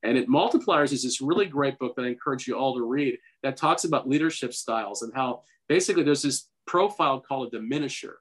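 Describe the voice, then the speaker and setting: A man's voice: medium pitch, quick pace, hardly any pauses. A man co-hosting a podcast for doctors, giving earnest, urging advice in long runs of talk. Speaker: podcast co-host, dentist. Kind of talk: casual advice chat.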